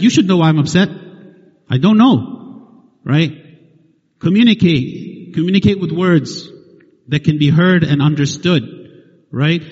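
Man, sermon, emphatic, rhetorical questions, slightly high voice, dull muffled recording. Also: darkish tone, husky, long reverb tail. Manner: emphatic, asks rhetorical questions and tags "right?". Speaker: preacher.

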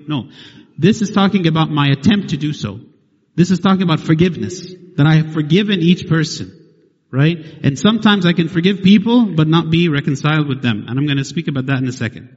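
A man with a fairly high, husky voice preaches to his congregation, pressing each point home with rhetorical questions and a steady "right?". His voice rings through a long-reverb hall on a dull, lo-fi recording. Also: fairly quick. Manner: emphatic, asks rhetorical questions and tags "right?". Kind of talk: sermon.

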